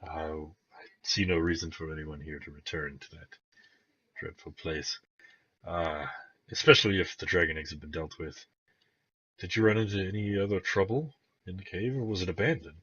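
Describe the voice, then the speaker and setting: A man doing a courtly town official, deep and husky. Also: moderate pace, fairly bright tone. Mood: measured. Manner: courtly, old-fashioned phrasing. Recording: dull lo-fi sound.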